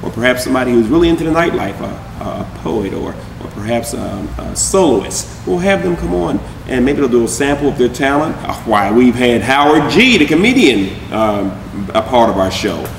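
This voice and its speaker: A man's voice: mid-range voice, big pitch swings, moderate pace, creaky, few pauses, roomy sound, in a large hall, far from the mic, background noise. A man hosting a comedy show, joking and rambling with restarts. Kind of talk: improvised comedy banter.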